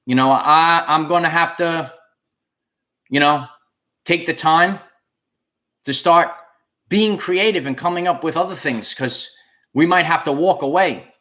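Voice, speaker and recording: A man speaks straight to his livestream audience, his voice sitting a little higher than most men's. He repeats his key phrases over and over with a preacher's earnest emphasis. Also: measured pace, pauses often, sharp tone. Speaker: channel host. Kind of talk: livestream talk to viewers.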